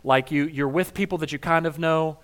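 The pastor speaks fairly quickly in a slightly high, steady tone. His sermon is conversational and wry, humorously retelling scenes and moving between soft and emphatic moments.

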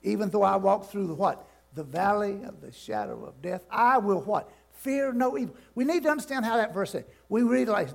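An older male pastor preaches with a high, gravelly voice. He swings between soft asides and loud declarations and throws questions out to the congregation. His voice carries a rough, creaky edge throughout. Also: expressive, moderate pace, hardly any pauses. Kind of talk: sermon. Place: church sanctuary.

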